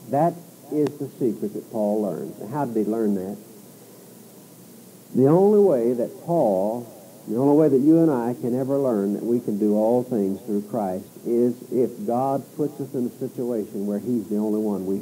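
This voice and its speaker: A man's voice: mid-range voice, mellow, slight background noise, rough recording. A man preaching an expository sermon, reading scripture with rising emphasis and turning to the listeners with conversational asides and rhetorical questions.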